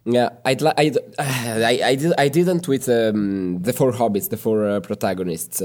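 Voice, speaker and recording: A man's voice: medium pitch, normal speed, darkish tone. A man whose first language is Italian, chatting casually and hesitantly in English with many restarts. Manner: hesitant, restarts often, sings snatches of songs. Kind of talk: casual chat.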